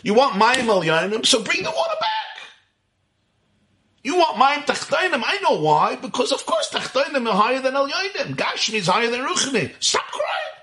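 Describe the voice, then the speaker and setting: Shrill taunting rebel man, defiant, mocking, sharp and bright, swinging wildly in pitch, as a man puts him on. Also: wildly swooping pitch, moderate pace, heavily acted.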